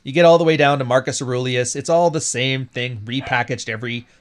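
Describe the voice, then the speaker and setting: A man's voice: mid-range voice, brisk. A man hosting a casual livestream talk, blunt and profane, laughing at his own jokes. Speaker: podcast host.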